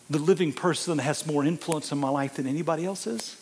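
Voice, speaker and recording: A man's voice: fairly high pitch, fast, few pauses, slight background noise. Emphatic preacher in his sixties. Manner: emphatic, swings from hushed asides to loud exclamations. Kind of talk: sermon.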